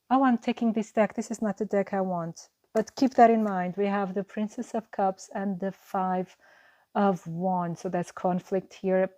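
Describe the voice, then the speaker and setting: A woman's voice: mid-range voice, a little mellow. Woman giving a reassuring tarot reading. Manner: earnest, reassuring, musing with repeated phrases. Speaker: tarot card reader. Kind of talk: tarot reading monologue to camera.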